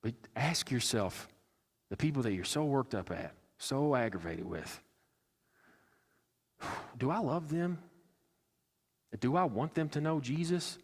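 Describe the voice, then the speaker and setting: A man's voice: medium pitch, expressive, unhurried, pauses often, slightly rough. A male pastor preaching a sermon, earnest and conversational, slipping into acted-out asides. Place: church sanctuary. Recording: church hall with long reverb.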